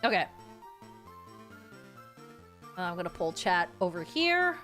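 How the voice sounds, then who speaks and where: A woman's voice: lowish voice, very animated, normal speed, sharp tone, faint music behind. A woman streamer chatting casually with her viewers. She gets worked up easily, swears freely and often repeats her phrases.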